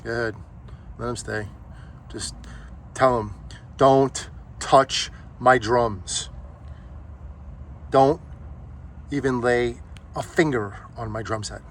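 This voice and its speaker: A man's voice: medium pitch, slow pace, long pauses, a little hiss or hum. A man voicing his laid-back pet, who sounds slangy and dismissive. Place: garage arcade, indoors.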